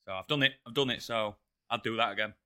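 Jokey guy on a podcast, real bright sharp voice, blunt. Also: lowish voice, fast. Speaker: podcast co-host. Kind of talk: casual banter.

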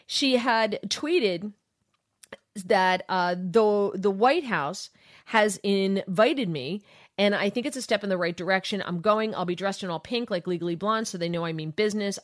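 A woman hosts a political talk radio show. She recaps the news in a sarcastic, opinionated way. Her voice sits at an ordinary pitch for a woman.

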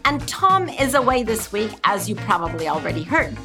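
A woman hosting a podcast in casual chat, welcoming guests with a lively, warm delivery. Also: mid-range voice, moderate pace, over music. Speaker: podcast host.

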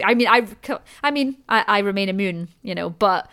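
A woman's voice: mid-range voice, expressive, normal speed, fairly bright tone, smooth. A woman with a Scottish accent, a writer chatting as a podcast guest; she talks loosely, restarts her sentences and laughs often. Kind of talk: casual chat.

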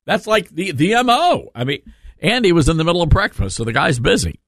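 A man hosting a talk radio show, giving casual opinion commentary in an animated, sarcastic way with rambling asides. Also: a little high, fairly quick, vocal fry, dry recording.

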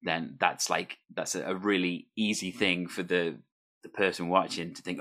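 A man's voice: low voice, steady tone, normal speed, fairly bright tone. A man hosting an interview, asking chatty, fluent questions about improv and character work. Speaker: interviewer, host. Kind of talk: casual interview.

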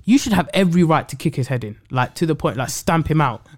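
A man's voice: a little high, expressive, fast talker. A man, chatting bluntly in slang as a co-host of a casual football podcast, with many restarts.

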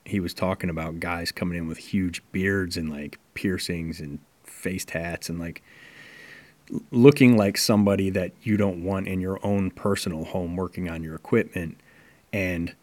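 A man's voice: low-pitched, fairly even intonation, moderate pace, darkish tone, no echo. A man hosting a podcast, talking earnestly and sharing his opinions with many fillers. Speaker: podcast host. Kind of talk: casual podcast talk.

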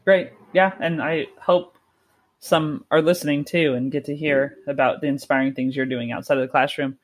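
A male podcast host with a somewhat high voice asks friendly questions. He answers his guest in short, encouraging bits. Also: steady tone, normal speed. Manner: brief, encouraging responses. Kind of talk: casual interview questions.

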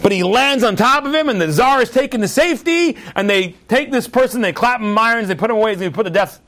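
Middle-aged male preacher with a high voice who tells lively stories in his sermon. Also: quick pace. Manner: storytelling with acted quotes, animated delivery.

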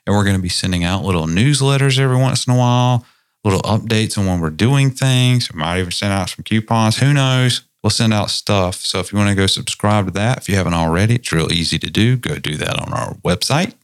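A man's voice: fairly low pitch, fairly quick, dry recording, clean studio sound. A man with a Southern US accent, co-hosting a podcast in casual, teasing chat. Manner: playful, teasing. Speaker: podcast co-host.

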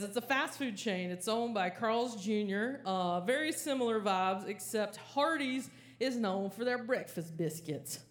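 A woman performs stand-up on a club stage, telling her story with animated energy and bursts of frantic acted-out panic. Her voice sits a little high for a woman. Live room noise and crowd ambience run steadily under her mic. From American South. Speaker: stand-up comedian. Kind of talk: stand-up comedy set. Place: comedy club stage with audience laughter.

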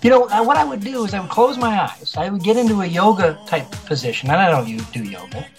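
A woman giving an excited, animated interview answer. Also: mid-range voice, quick pace, soft background music. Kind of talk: casual street interview answer.

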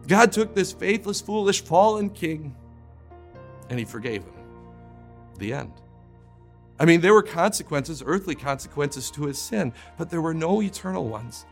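Man, pastor, sermon, earnest, emphatic, stammered restarts, slightly high voice. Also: very animated, moderate pace, faint music behind.

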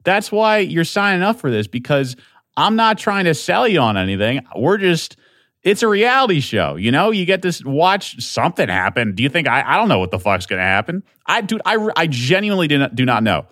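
Rambling, swearing man with a lively voice. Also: fairly high pitch, brisk, dry recording, clean studio sound. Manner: rambling, profane, self-deprecating; animated, swings between loud outbursts and mumbling. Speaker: podcast host. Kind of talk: solo podcast monologue.

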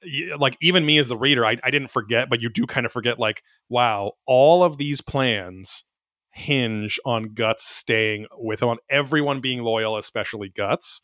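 A man's voice: mid-range voice, normal speed, dry recording. Man rambling casually on a podcast, dry mic. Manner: rambling and animated, swears casually. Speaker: podcast co-host. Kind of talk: casual chat.

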